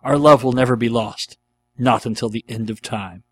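A man's voice: medium pitch, steady tone, moderate pace, close to an everyday voice. A man voicing a heroic, confident alien fighter in a read-aloud fan fiction, speaking firmly and steadily. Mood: tender.

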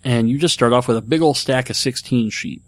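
A man's voice: medium pitch, brisk, no echo. A middle-aged man hosting a casual chat, talking enthusiastically and rambling with fillers. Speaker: podcast host. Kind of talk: casual chat about board games.

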